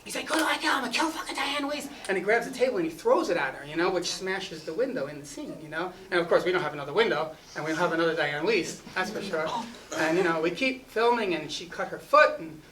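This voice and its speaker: A man's voice: on the high side, expressive, fast, a bit bright, distant mic, poor audio. A man spins a loose, rambling story about his film shoot, peppering every sentence with filler and restarting his thoughts. He sounds set back from the mic, with a faint wash of ambient noise behind him. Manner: rambling, full of "you know" and restarts. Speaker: film director speaking at a festival. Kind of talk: casual anecdote storytelling. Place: festival event.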